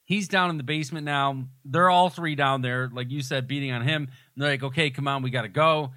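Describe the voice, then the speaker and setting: A man's voice: medium pitch, fairly even intonation, brisk, sharp tone, no room sound. A man co-hosting a podcast, casually retelling movie scenes in detail and laughing often. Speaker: podcast co-host.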